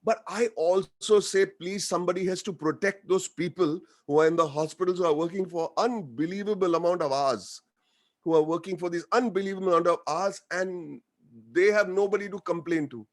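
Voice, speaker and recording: An Indian man talks to a webinar over a video call. His voice sits fairly high for a man. He mixes light jokes with earnest gratitude and moves freely between English and Hindi. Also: normal speed. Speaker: guest speaker, actor. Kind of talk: informal webinar speech.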